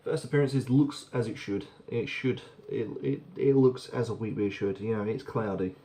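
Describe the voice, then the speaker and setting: A man's voice: lowish voice, moderate pace, background noise. A man casually reviewing a beer on camera, chatty and rambling, often repeating words as he goes.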